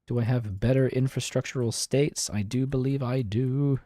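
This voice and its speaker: A man's voice: medium pitch, unhurried, few pauses, mellow, no room sound. A young man streaming a strategy game, chatting casually, mocking himself and answering his chat.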